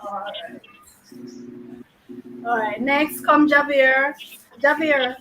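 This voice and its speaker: A high-voiced woman teacher, speaking at an unhurried pace. She chats casually with her pupils in a classroom, teasing them playfully with question after question. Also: sharp tone, a little hiss or hum, low-quality recording.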